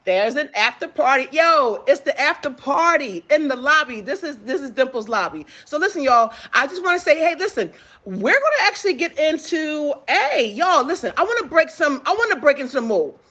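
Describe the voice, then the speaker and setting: A woman hosting a livestream talk show, chatting about celebrity news in an excitable way, hyping up her listeners and repeating herself often. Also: sits high, normal speed, highs cut off. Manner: excitable, hypes the audience, repeats phrases. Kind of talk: energetic celebrity gossip chat.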